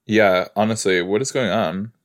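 A podcast host with a fairly low voice talks at a normal speed while he watches a show. He chats playfully and addresses the screen directly in this casual watch-along reaction.

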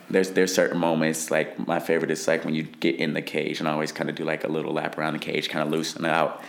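Low gravelly young man, rambling. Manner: rambling, many "like" fillers. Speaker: fighter. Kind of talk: interview answers.

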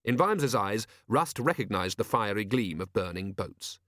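A man reading an audiobook in a measured, dry storytelling manner. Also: on the low side, lively intonation, fairly bright tone, dry recording. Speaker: audiobook narrator. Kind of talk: scripted narration.

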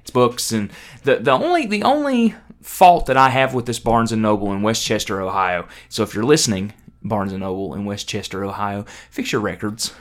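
A man's voice: on the low side, expressive, normal speed. A man co-hosting a casual chat podcast, with a playful, jokey way of talking. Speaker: podcast co-host.

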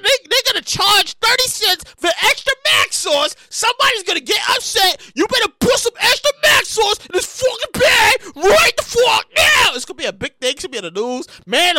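A woman hosting a podcast, ranting loudly and comically with lots of profanity and shouting. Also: very high voice, no room sound, studio quality. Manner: loud, animated, profane ranting with frequent shouting. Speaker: podcast host. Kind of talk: comedic current-events rant.

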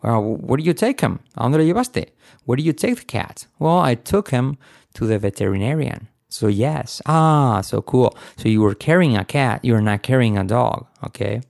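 A man's voice: medium pitch, expressive, normal speed, gravelly, a little mellow, no room sound, studio quality. A man teaching English grammar in a playful, chatty way, switching between examples and humming song bits. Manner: playful, chatty, hums and sings song snippets. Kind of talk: casual grammar lesson to Spanish speakers.

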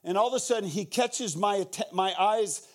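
A middle-aged man preaching as a guest speaker, telling an animated story and acting out the people in it, with playful asides. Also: sits high, moderate pace. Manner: animated, acts out the people in his stories. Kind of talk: sermon storytelling.

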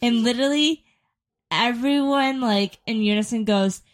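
A woman's voice: on the high side, moderate pace. Giggly young woman co-hosting a podcast. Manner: giggly storytelling, often laughing mid-sentence. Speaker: podcast co-host. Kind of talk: casual chat.

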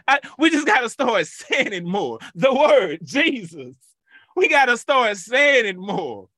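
A man in his thirties preaching devotionally, fervently chanting a name in call-and-response, then turning reflective and personal with soft laughs. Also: high voice, very animated, slow pace, no room sound, studio quality. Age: 30s.

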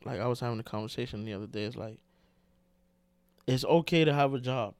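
A man's voice: medium pitch, fast, smooth, no echo. Slangy man co-hosting a podcast. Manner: animated, slangy, says "bro" a lot. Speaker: podcast co-host. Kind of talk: casual podcast chat.

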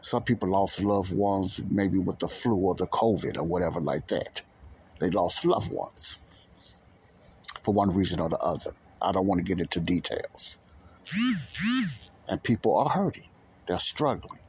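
A man's voice: deep voice, animated, unhurried, pauses often, darkish tone, slight background noise. A man hosting a Christian podcast, talking earnestly off the cuff, repeating himself and restarting his sentences. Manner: earnest, repetitive, restarts often. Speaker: podcast host. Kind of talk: casual Christian commentary.

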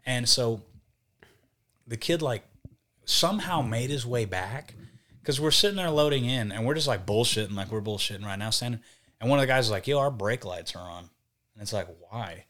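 A man's voice: medium pitch, moderate pace. A young man, a band vocalist, telling a road story in casual podcast chat, cursing freely and acting out what people said. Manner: profane, animated, acts out quotes.

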